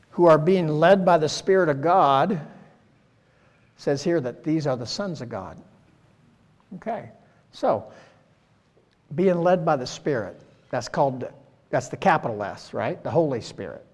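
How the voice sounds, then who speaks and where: A man's voice: a little high, a little mellow. A man in his sixties preaching a conversational sermon, folksy and full of rhetorical questions. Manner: folksy, rhetorical, peppered with "right?" and "you know". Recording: long church-hall reverb.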